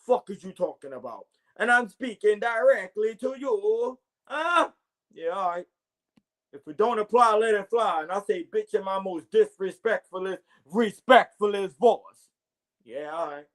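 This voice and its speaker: Guy with a high voice going off on his solo podcast, preachy, swears a lot, keeps asking "you hear me". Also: expressive, a little slow. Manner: profane, confrontational, preachy; repeats catchphrases, addresses listeners directly. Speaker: podcast host. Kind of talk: solo morning podcast rant.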